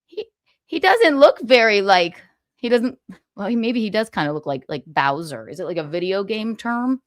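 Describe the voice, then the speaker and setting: Profane, animated woman livestream host. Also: mid-range voice, normal speed, dry recording, studio quality. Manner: profane, indignant and mocking, laughing often. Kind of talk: casual ranting livestream chat.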